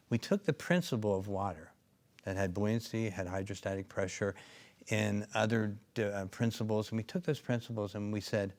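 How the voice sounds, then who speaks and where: A man's voice: fairly low pitch, normal speed. A man co-founder and clinician telling stories in an interview, rambling with many asides and restarts. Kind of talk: interview storytelling.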